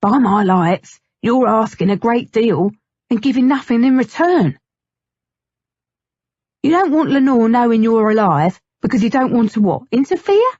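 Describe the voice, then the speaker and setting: A tart, mocking motherly woman, read by a female narrator, who needles and teases in a husky, unhurried voice. The audiobook recording is dry and a little dull. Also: fairly high pitch, lively intonation, a little mellow, no room sound. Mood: teasing. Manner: tart, mocking, calls him lad. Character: blunt teasing motherly woman. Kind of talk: audiobook character reading.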